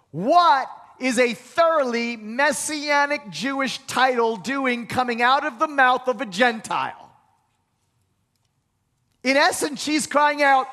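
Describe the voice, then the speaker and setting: A man's voice: very high-pitched, sharp tone. A man preaching a sermon, building to emphatic peaks and repeating key phrases. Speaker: pastor. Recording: long hall reverb.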